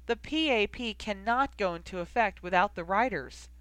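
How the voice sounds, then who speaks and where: Brief: narrator voicing a businesslike, dismissive official woman, pitched up, clipped. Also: expressive, moderate pace, a bit bright, clear, resonant tone, dry recording, close to an everyday voice. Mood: curt. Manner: curt and businesslike.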